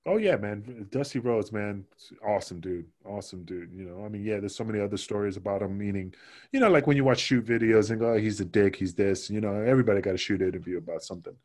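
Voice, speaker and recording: Man, middle-aged, low pitch, casual podcast guest, loose profane storytelling. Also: quick pace, a little mellow. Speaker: guest, former wrestler.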